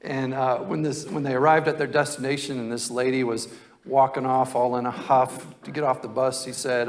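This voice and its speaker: A man's voice: medium pitch, level tone, normal speed. Man, pastor, sermon, folksy and conversational, mid-range voice.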